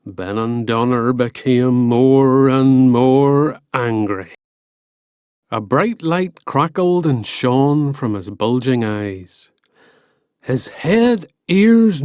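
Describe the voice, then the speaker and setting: Slow, playful storyteller man. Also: medium pitch, no room sound, studio quality. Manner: playful, expressive storytelling with asides. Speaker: narrator. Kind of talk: storybook narration.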